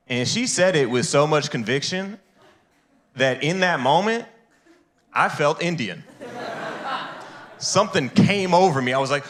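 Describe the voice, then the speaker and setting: High-voiced man doing stand-up. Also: expressive, a little slow, pauses often. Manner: jumps into high, loud voices to act out other people. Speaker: stand-up comedian. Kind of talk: stand-up comedy set. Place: live comedy stage.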